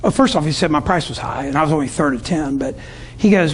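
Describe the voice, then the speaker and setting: A man's voice: a little high, expressive, fast, a little hiss or hum. A middle-aged man from Tampa, Florida, speaking to business owners in a storytelling sales talk and acting out his customers' voices. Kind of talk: sales talk to a live audience.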